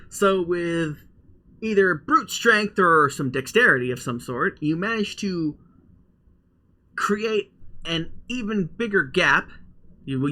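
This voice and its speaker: A man running a tabletop role-playing game as game master, animated and quick to laugh. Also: on the high side.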